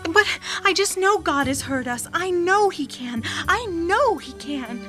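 An actress playing a devout young nurse in a radio drama, earnest and fervent. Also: female voice, very high-pitched, animated, measured pace, fairly bright tone, faint music behind, full character voice.

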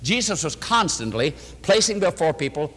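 Older man, seminar preacher, animated storyteller with a slightly high voice, reverberant hall. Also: moderate pace. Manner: lively storyteller, chuckles at own asides. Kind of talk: sermon with storytelling.

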